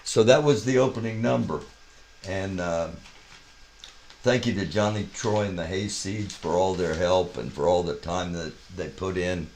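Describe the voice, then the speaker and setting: A man's voice: a little mellow, a little hiss or hum. A man hosting a live show, walking through an opening song and half-singing the rhyming lyrics. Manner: slow, low-key delivery breaking into sing-song rhymes. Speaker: host.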